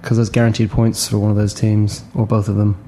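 A man co-hosting a casual podcast, talking haltingly with many restarts. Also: on the low side, level tone, dark tone, slight background noise. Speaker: podcast co-host.

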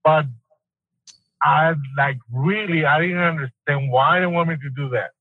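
A man giving recorded deposition testimony, talking in a rambling, exasperated way with halting restarts. His voice sits a little high and the playback sounds dull and lo-fi, dry with no room echo. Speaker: building concierge testifying in a deposition.

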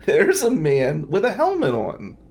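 A man's voice: a little high, wildly swooping pitch, unhurried, darkish tone, breathy edge. A man from New Jersey, a defense lawyer, telling a wry, self-mocking story in a casual podcast chat.

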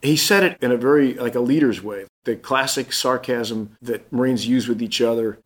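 A man's voice: medium pitch, moderate pace. Man telling a story and acting out the voices. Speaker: guest. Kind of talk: casual storytelling.

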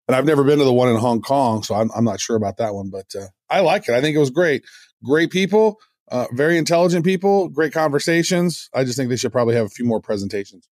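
Man, podcast co-host, enthusiastic, rambling, medium pitch, dry close sound. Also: darkish tone, no echo. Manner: rambling, enthusiastic, frequent restarts. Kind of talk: casual podcast chat.

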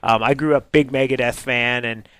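A man's voice: mid-range voice, fairly even intonation, normal speed, fairly bright tone, clean tone, no echo. A man co-hosting a casual radio talk show, telling a rambling story full of fillers. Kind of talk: casual chat.

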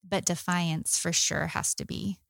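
A woman with a fairly low voice talks through her parenting experience in an easy conversation with her husband. She speaks calmly and thoughtfully. The recording is dry and close. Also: a little slow, vocal fry, dry recording. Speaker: co-host of a Christian parenting podcast.

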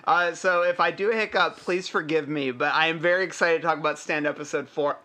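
A man's voice: fairly high pitch, fairly even intonation, brisk, sharp tone. A man with hiccups co-hosting a podcast in casual, playful chat. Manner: playful, corrects others, laughs through hiccups. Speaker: podcast co-host.

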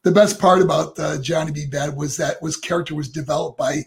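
High-voiced older man, gravelly laugh. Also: fairly quick. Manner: animated, laughing, acts out voices in anecdotes. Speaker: guest, former pro wrestler. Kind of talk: casual storytelling.

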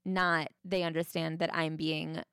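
A woman's voice: sits low, level tone, unhurried, fairly bright tone, clean tone, no echo, clean studio sound. A woman co-hosting a podcast, reading passages from a memoir and bluntly critiquing them, swearing now and then. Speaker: podcast co-host.

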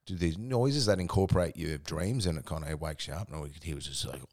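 A man's voice: very deep voice, quick pace, a little mellow. A young Australian man telling a rambling, sweary story on a casual podcast, laughing as he goes. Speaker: podcast co-host.

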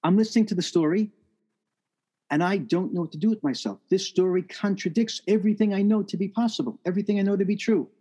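A man with a notably high voice tells a story from his own life. He speaks in an earnest, reflective way. His pitch lifts further as the feeling builds. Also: fast talker, dark tone, husky. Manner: earnest, reflective, rises in pitch at emotional peaks. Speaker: speaker telling a personal story. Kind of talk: first-person storytelling talk.

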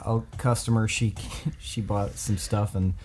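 A man's voice: fairly low pitch, fairly even intonation, measured pace, a little mellow, slight background noise. A man telling a funny anecdote in casual podcast chat, laughing as he goes. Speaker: podcast cast member.

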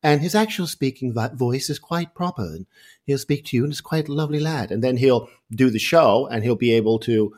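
A man with a Newfoundland accent, a comedian and actor, telling stories in an interview in an animated, self-correcting way. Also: on the low side. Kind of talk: interview storytelling.

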